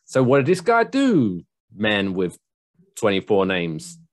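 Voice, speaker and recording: A man's voice: fairly low pitch, huge pitch swings, takes it slowly, no echo, clean studio sound. A man in his thirties co-hosting a podcast, reading out a news story with joking asides. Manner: chatty, jokey, reads news aloud with asides. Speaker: podcast co-host. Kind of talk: casual news chat.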